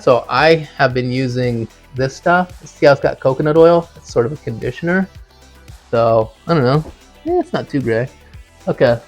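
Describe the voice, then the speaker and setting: Middle-aged male host, loose chatty delivery, medium pitch. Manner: rambling, conversational, many fillers and asides. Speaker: podcast host. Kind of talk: casual solo podcast monologue.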